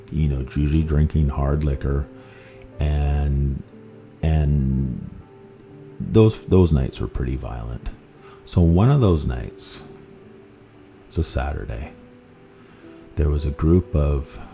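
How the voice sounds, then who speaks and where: A man hosting a podcast, telling true-crime stories in a rambling, animated way and correcting himself as he goes. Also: very deep voice, gravelly. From Canada. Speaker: podcast host. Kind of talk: casual true-crime storytelling. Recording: faint guitar music underneath.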